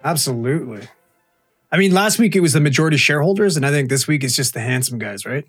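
A man co-hosts a call-in show in a slightly high voice. He chimes in eagerly, agreeing and joking through casual banter. Faint music sits under the talk. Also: expressive, fairly bright tone, slightly rough. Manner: eager, quick to agree and joke. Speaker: podcast co-host.

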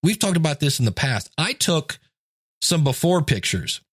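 A man's voice: a little high, very animated, normal speed, breathy edge, no room sound, studio quality. A man in his fifties giving a casual motivational monologue, telling stories and acting out quoted voices. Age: 50s. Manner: storytelling, acts out quoted voices.

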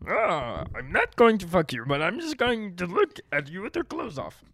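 A man voicing a croaky, lecherous little Yoda-like creature, talking in slow, halting, wooing lines. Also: high voice, very animated, bright, forceful tone, voice pushed up, heavily acted. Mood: leering.

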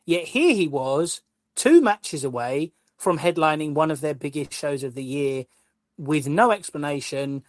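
A man, a guest co-host and wrestling columnist, ranting in an animated, exasperated way during casual podcast chat. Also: on the high side, a little slow, no room sound.

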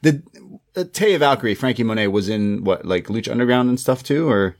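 Guy on a wrestling podcast, super animated, does silly high voices when quoting people. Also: fairly quick. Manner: animated, acts out quotes in high mocking voices. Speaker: podcast co-host. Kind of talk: casual wrestling review chat.

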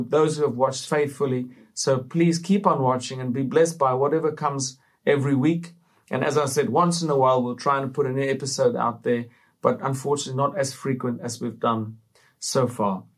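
A man hosting a Christian talk show, speaking to viewers in an upbeat, preacherly way with frequent fillers. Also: mid-range voice. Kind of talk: casual faith talk to camera.

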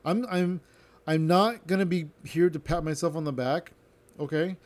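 A man's voice: fairly high pitch, moderate pace. A young adult man, a stand-up comedian, talking casually and rambling on a solo podcast, who tends to slur his words and swears freely.

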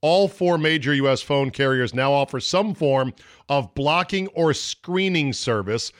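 A middle-aged man delivers a sports talk monologue, blunt and sarcastic and quick to swear. His voice sits at an ordinary male pitch and is recorded dry and close, with no room sound. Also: lively intonation, dry recording. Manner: blunt, profane, sarcastic, mocking voices in quotes. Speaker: podcast host.

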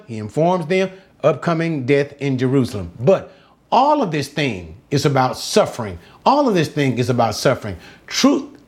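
A man preaching a sermon, impassioned, repeating phrases and drawing out words for emphasis. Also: a little high.

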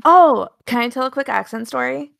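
A talkative woman from Alaska with a Pacific Northwest American accent, chatting loosely on a podcast. Her voice carries a gravelly fry, and her delivery is a bit loud and staccato as she tells a story. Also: high voice, animated, fairly quick. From Alaska, United States. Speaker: podcast co-host. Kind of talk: casual chat.

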